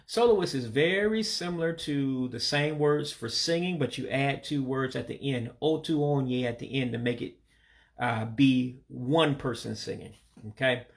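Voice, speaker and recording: A man teaching vocabulary in a casual spoken lesson, patiently repeating each word slowly so listeners can practice along. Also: medium pitch, vocal fry. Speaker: language learner teaching vocabulary.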